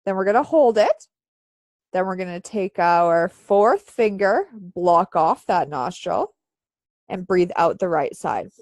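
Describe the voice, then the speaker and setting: A woman teaching a live online breathing class, giving relaxed, chatty instructions with frequent fillers and a slightly congested voice. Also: lowish voice, takes it slowly, dry recording.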